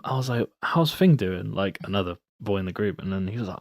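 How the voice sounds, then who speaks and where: A young man talks on a podcast in a loose, relaxed way, spinning a long story. His voice sits low. The recording is dry and close, with no room sound. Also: fast, few pauses, no echo. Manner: relaxed storyteller, acts out his friends' lines. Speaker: guest. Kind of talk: casual chat.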